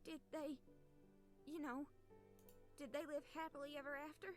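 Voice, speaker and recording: A woman voicing an anxious, devout young woman in a game, nervous and quick to protest. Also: sits high, flat delivery, soft background music, close to an everyday voice. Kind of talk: video game voice acting.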